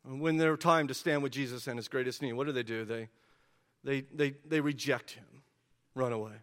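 A man preaching a sermon as pastor, animated and questioning, often repeating words as he builds up. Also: mid-range voice, a little fast, big-room sound.

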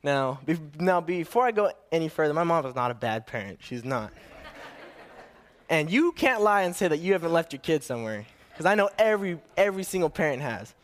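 A young man with a fairly high voice preaching his first sermon. He tells a family story casually and a bit nervously, restarting his sentences. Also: big pitch swings, brisk.

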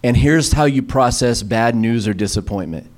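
Animated storytelling man preaching. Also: moderate pace. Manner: animated, acts out quoted voices with sudden pitch jumps; storytelling with many fillers and restarts. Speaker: pastor. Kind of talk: sermon.

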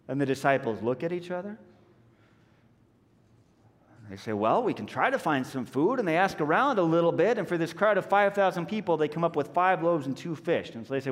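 Male pastor, lively storyteller, slightly high voice, long church-hall reverb. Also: fast. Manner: animated storytelling, acting out voices of people in the story. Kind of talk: sermon.

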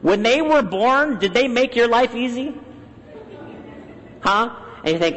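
A man with a high voice preaches to his congregation, lively and animated, sometimes slipping into the voices he quotes. His words ring out with a long reverb from the church hall around him. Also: a little slow, pauses often. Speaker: pastor. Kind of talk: sermon. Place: church sanctuary.

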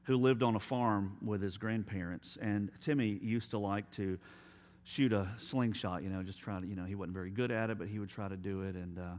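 A man preaching a sermon as pastor, telling stories and dropping to quiet, emphatic appeals. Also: on the low side, steady tone, a little fast.

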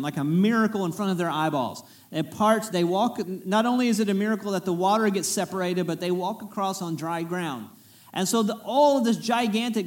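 A man delivers a casual, storytelling sermon. His voice sits high for a man, and he keeps it folksy and lively, breaking in with joking asides to the congregation. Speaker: pastor. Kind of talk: conversational sermon.

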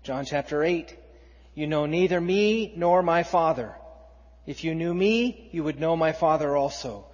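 A man preaching a sermon, reading scripture aloud with rising force and dropping to quiet emphasis. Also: a little high, a little slow. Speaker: pastor. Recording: dull, muffled sound in a long-reverb hall.

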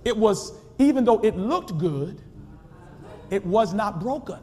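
A man preaching a sermon in a church, calling out to the congregation and swinging from shouting to quiet storytelling. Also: high-pitched, lively intonation, unhurried. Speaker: pastor. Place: church sanctuary. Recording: long hall reverb.

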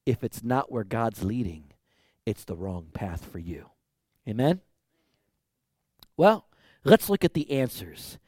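A male preacher giving a sermon, lively and conversational with his congregation. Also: on the low side, slow, pauses often, husky, no room sound, clean studio sound.

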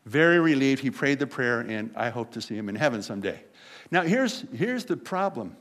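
A man's voice: mid-range voice, moderate pace. A man preaching a conversational sermon, telling stories and acting out the people in them. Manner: conversational preaching, animated storytelling with voiced quotes. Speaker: pastor.

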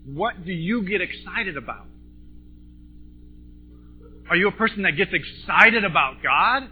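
Impassioned husky-voiced male preacher. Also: high-pitched, big pitch swings, measured pace, long pauses. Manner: impassioned, swings between loud and soft. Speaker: pastor. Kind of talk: sermon. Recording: tinny phone-like recording with faint music.

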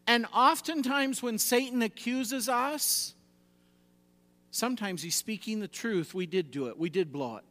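Man, preacher, high voice, emphatic sermon, long hall echo. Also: measured pace. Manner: emphatic, swings between loud exhortation and quiet lows.

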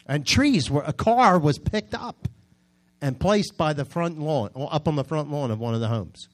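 New male pastor, casual storytelling sermon voice with loud emphatic bursts. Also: a little high, lively intonation, normal speed. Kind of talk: conversational preaching.

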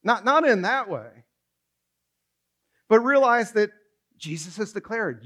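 A male pastor gives an animated, conversational sermon packed with rhetorical questions. His voice sits high and his delivery is slow.

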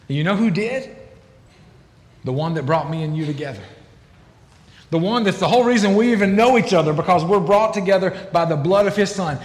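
A middle-aged pastor with a high voice preaches emphatically, jumping into acted-out quotes. His voice rings through a large church hall with long reverb. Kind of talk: sermon.

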